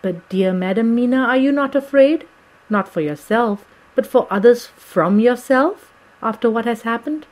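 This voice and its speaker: A woman reading the lines of an elderly male doctor, solemn and fatherly, pleading gravely and earnestly in an audiobook. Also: fairly high pitch, normal speed, a little mellow, lightly acted, rough recording. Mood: gentle.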